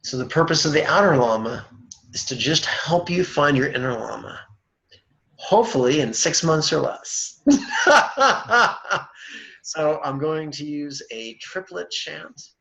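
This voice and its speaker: A man leading a guided meditation as its teacher, speaking in a slow, measured way and dropping dry jokes between chants. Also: fairly high pitch, gravelly, a bit bright, poor audio.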